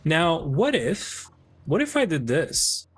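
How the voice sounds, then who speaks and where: A man's voice: on the high side, wildly swooping pitch, takes it slowly, husky, no room sound, faint music behind. A man live-streaming a game, chatting casually with friends, rambling with many fillers and restarts.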